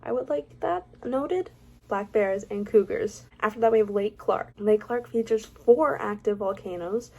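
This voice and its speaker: A woman's voice: fairly high pitch, expressive, normal speed, vocal fry, few pauses, darkish tone, lo-fi sound. Chatty young woman vlogger. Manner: chatty and opinionated, with self-mocking asides. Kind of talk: casual ranking vlog, reading facts aloud.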